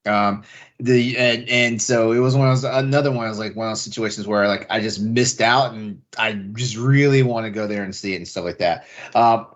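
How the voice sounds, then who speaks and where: A man's voice: fairly low pitch, fairly quick. Rambling man on a podcast. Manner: rambling, with many restarts and fillers. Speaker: podcast co-host. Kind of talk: casual chat. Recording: slightly dull lo-fi audio.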